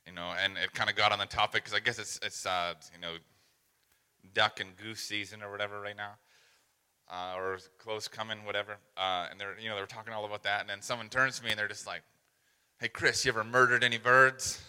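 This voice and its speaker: Bright-voiced man preaching in a hall. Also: lowish voice, steady tone, quick pace, clear, resonant tone. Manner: casual storytelling with fillers and self-deprecating humor. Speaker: pastor. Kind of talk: sermon.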